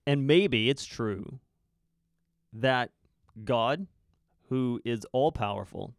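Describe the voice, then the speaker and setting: A man co-hosting a church podcast, talking earnestly and putting probing questions with emphatic pauses. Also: medium pitch, no room sound, studio quality.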